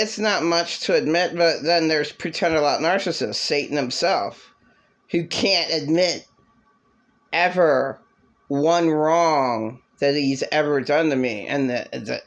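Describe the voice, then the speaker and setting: Slow, bitter ranting woman. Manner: bitter, swearing, mocking imitations in a shrill voice. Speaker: vlogger. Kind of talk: angry personal rant.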